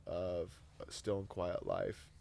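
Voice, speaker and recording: A young man, a Christian influencer guesting on a podcast, telling stories in an animated way and dropping to a whisper for quotes. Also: deep voice, slow pace. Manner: animated storyteller, drops to a whisper when quoting. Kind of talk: casual chat.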